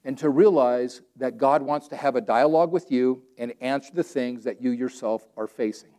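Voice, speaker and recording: A man from Southern California preaching a sermon in plain, everyday words. He is animated and conversational, and acts out scripture verses as he quotes them. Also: medium pitch, normal speed. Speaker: pastor.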